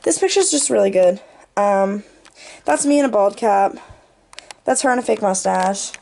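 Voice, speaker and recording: A woman's voice: medium pitch, animated, normal speed, gravelly, darkish tone, slight background noise. A young woman giving a goofy, playful tour of her bedroom for her channel, tossing in jokey asides. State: out of breath. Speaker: vlogger. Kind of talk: casual room tour.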